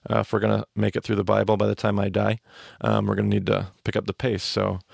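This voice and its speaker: A man's voice: fairly low pitch, completely flat delivery, fast talker, vocal fry, no echo, clean studio sound. A man hosting a podcast, teaching the Bible, explaining with restarts and fillers and speeding up in asides.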